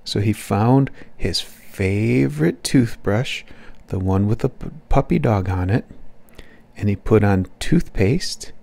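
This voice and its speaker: A man gently making up a nap-time story for his young child in a soothing, repetitive way. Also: lowish voice, animated, slow pace, creaky. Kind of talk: improvised bedtime story.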